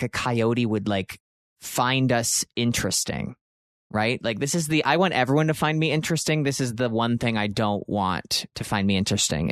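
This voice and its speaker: A man from Pennsylvania, likely in his thirties, hosting a podcast and telling a story in an animated way, with sudden jumps into exaggerated quotes. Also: medium pitch, dry recording, clean studio sound. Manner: expressive, swearing, jumps into shouted quotes. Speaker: podcast host.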